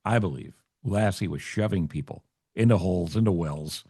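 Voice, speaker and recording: A male host chatting with a guest over a video call, joking in a playful deadpan way. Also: sits low, normal speed, husky, no echo, clean studio sound. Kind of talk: casual chat.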